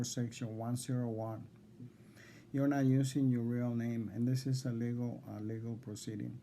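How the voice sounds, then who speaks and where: A man reading out insistent legal demands to a court evaluator, repeating himself and halting on fillers. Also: medium pitch, level tone, dark tone, slight background noise. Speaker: defendant addressing a court evaluator. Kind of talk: confrontational legal declaration.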